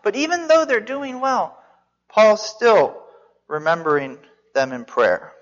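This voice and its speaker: A pastor with a high, slightly bright voice teaches a Bible sermon slowly and animatedly, keeping it conversational and posing questions to listeners, with some restarts. The sound is dull and echoes through a reverberant hall.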